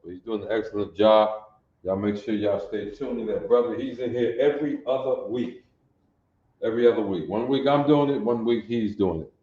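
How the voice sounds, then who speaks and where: A man's voice: lowish voice, moderate pace, mellow, reverberant, highs cut off. A man in his sixties teaching a language class over a livestream, folksy and talking straight to viewers, often asking if they see it. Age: 60s. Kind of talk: livestream lesson.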